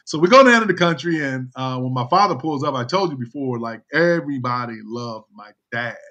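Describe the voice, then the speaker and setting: Lively bright-voiced man telling a family story. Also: moderate pace. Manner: chuckling, lots of fillers, mimics relatives in high voices. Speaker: guest storyteller. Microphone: video call.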